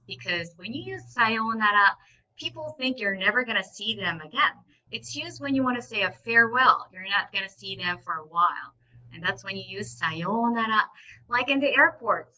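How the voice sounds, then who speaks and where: A woman with a rather high, very bright voice teaches a live online language class. She drills each word slowly, then repeats it, checking in with an encouraging "okay" as she goes. She speaks through a computer mic on a video session. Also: low-quality recording. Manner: instructive and encouraging, often says "okay".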